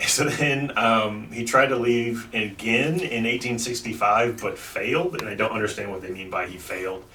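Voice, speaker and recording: A man hosting a comedy podcast tells a history story casually, rambling loosely with lots of likes and ums. His lowish voice is steady, bright and forceful at a normal speed, recorded on a distant mic in an echoey room with faint noise.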